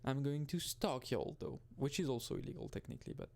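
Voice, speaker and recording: Man doing a lazy southern hick drawl, defiant outlaw type, gravelly edge. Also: mid-range voice, fairly quick, darkish tone, lightly acted. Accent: US Southern (put on).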